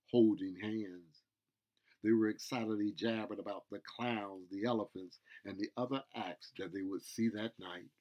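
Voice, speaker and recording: A man preaching a sermon in a slow, measured way, peppering his lines with "yo" and "y'all". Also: on the low side, a little mellow, muffled recording.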